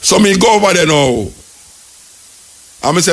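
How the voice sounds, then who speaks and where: A man's voice: high voice, lively intonation, moderate pace. A man speaking with a Jamaican accent, hosting a radio call-in show and telling rambling stories in patois. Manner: rambling patois storytelling with acted quotes. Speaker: radio talk show host. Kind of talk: casual storytelling and call-in chat.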